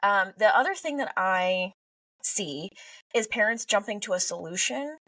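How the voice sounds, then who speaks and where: Young female therapist guest, animated and expressive, dry room, slightly distant. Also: mid-range voice, a little slow, dry recording. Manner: expressive, animated, acts out quoted parents and teens. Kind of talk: conversational podcast interview.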